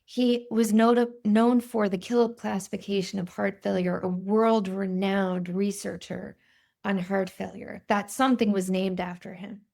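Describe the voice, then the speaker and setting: Woman, 50s, cardiologist guest; very gravelly voice, lively storyteller. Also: mid-range voice, unhurried. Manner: animated, vivid storytelling with quoted voices. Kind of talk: storytelling in a podcast interview.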